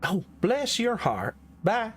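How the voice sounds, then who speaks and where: A man's voice: sits high, wildly swooping pitch, slow pace, a bit bright, slight background noise, pitched above the performer's own voice, exaggerated voice. A courteous small-town police officer with a thick, exaggerated Southern drawl, as a man puts him on. He scolds in a folksy, polite way, and his voice rises and falls freely.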